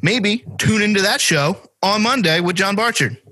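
A man's voice: high voice, lively intonation, normal speed, bright, forceful tone, no room sound. A young man, co-hosting a casual sports podcast, rambling and joking with casual swearing. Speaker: podcast co-host.

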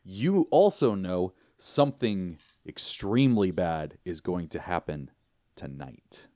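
A man narrating as game master in a casual tabletop game, with a relaxed manner, laughing often and filling pauses. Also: low-pitched, no room sound, studio quality.

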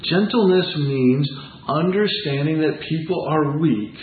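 A man's voice: on the high side, unhurried, slight background noise. A man preaching a sermon as pastor, earnest and conversational, asking the congregation rhetorical questions. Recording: echoey room, tinny phone-like sound.

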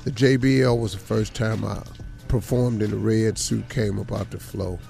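A comedian guest with a deep, heavily gravelly voice who tells stories in a laid-back, boastful way. He chats casually on a radio show. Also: fairly even intonation, moderate pace, warm tone, faint music behind. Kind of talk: casual storytelling chat.

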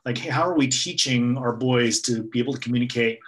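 Man, group facilitator, relaxed conversational talk, thoughtful and hesitant. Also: mid-range voice, a little fast, low-quality recording. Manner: reflective, many fillers and hedges. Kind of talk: casual conversation.

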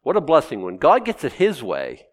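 A pastor preaching a sermon, swinging from loud exclamations to quiet, wry asides. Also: male voice, a little high, wildly swooping pitch, normal speed.

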